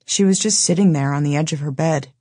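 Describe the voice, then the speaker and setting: A woman narrating an audiobook in the first person, measured and low-key, with a wry edge. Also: dark tone, no echo, clean studio sound.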